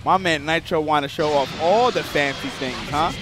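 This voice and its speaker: A man giving excited, casual fighting-game commentary on a stream, slangy, cursing and breaking into loud outbursts. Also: a little high, moderate pace, over loud music.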